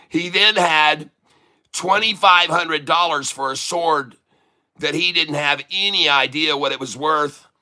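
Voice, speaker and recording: Male livestream host, slightly high, smooth voice, chatty rambling storyteller. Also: bright, forceful tone. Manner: rambling, chatty anecdote telling with many restarts. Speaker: livestream day trader and channel host.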